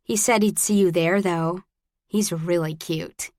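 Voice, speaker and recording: A woman's voice: fairly low pitch, fairly even intonation, measured pace, a little mellow, no echo, clean studio sound, lightly acted. A woman voicing a pushy, upbeat young college woman who teases and meddles in an audiobook. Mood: teasing.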